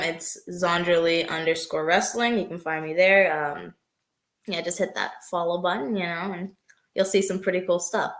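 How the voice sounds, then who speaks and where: Low-voiced woman, echoey room. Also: fairly bright tone. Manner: easygoing, heavy use of "like" and "um". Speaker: guest wrestler. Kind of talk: casual interview chat.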